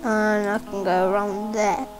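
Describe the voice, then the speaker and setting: A woman's voice: medium pitch, level tone, unhurried, over music, poor audio. A woman rambling her way through casual gameplay commentary, chatty with giggly asides. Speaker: game player.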